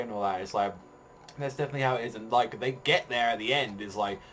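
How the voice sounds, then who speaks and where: A man's voice: mid-range voice, brisk, a bit bright, slight background noise. A man giving a casual spoken manga review, rambling with heavy swearing and lots of fillers.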